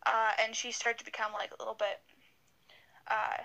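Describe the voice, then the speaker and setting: A woman's voice: fairly high pitch, flat delivery, normal speed, creaky, pushed and bright, rough recording. A young woman co-hosting a podcast over a video call, telling a story in a casual, rambling way with many fillers and restarts. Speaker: podcast co-host.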